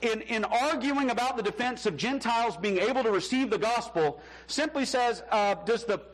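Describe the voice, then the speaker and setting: A man's voice: very high voice, moderate pace, poor audio. A man preaching a sermon as pastor in a conversational style, acting out the voices he quotes.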